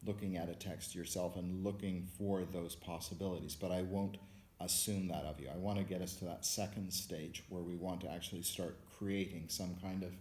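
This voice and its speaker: A man teaching music theory in a recorded lecture, explaining in a patient, measured way in front of a board. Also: low-pitched, fairly even intonation, a little mellow. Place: room with a board. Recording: echoey room, faint background hiss.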